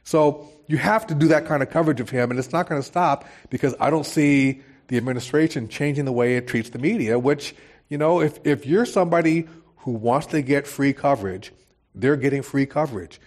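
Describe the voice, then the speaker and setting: A man speaking as a journalist on a live panel, animated, his voice rising when he makes a point. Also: medium pitch, a little fast. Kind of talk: panel discussion.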